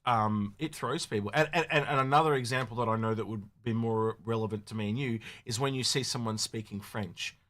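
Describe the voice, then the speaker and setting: A man co-hosting a casual podcast, rambling and animated with many restarts. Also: medium pitch, fairly quick, hardly any pauses. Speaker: podcast co-host. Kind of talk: casual chat.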